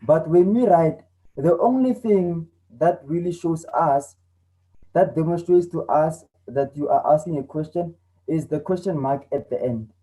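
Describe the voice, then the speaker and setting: A man's voice: a little high, measured pace, dark tone, low-quality recording. Patient man teaching online. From South Africa. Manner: patient, repetitive explaining with frequent "okay". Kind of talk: online English lesson. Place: home.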